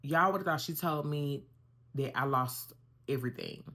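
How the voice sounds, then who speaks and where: A young woman vlogger telling a personal story in a casual, animated way, talking straight to her viewers. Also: sits low, normal speed. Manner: animated, conversational, addresses viewers as y'all.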